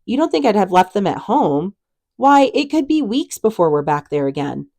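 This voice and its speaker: Woman reading a bossy big sister, loud and know-it-all, a dry close voice. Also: medium pitch, big pitch swings, normal speed, no room sound, pitched above the performer's own voice. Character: bossy twelve-year-old girl, sure she is in charge.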